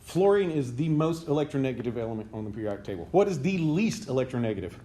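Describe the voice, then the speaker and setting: A man's voice: medium pitch, big pitch swings, quick pace. A man giving a chemistry lecture to a class, quizzing students and joking as he goes. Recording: noisy classroom recording.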